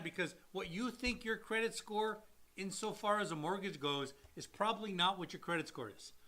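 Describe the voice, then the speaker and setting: Bright, high-voiced mortgage guy. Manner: animated, acts out people in quick quoted voices. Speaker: mortgage loan officer, co-host. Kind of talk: casual live-stream advice talk.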